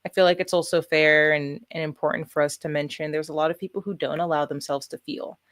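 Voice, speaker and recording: A woman podcast host talks in a low voice, supportive and thoughtful, in a relaxed interview. The recording is dry and close, with little room sound. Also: fast talker, dry recording. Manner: supportive, reflective. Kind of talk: casual interview talk.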